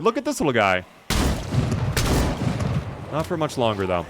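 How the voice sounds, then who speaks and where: Animated male game streamer. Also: medium pitch, moderate pace, noisy background. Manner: animated, jokey, talks to chat and game character. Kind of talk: live gameplay commentary.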